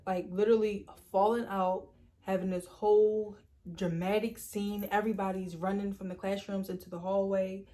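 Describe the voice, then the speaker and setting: A young woman telling a storytime vlog in a chatty, animated way, acting out quoted lines and leaning on "like" and "literally". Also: medium pitch, moderate pace. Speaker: storytime vlogger. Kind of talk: casual storytime.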